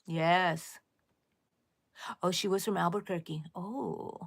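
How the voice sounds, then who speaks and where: Chatting live with viewers on her laid-back crochet stream, a middle-aged woman responds to comments and frequently addresses them as "people." She speaks in a lowish, steady, creaky voice at a slow pace.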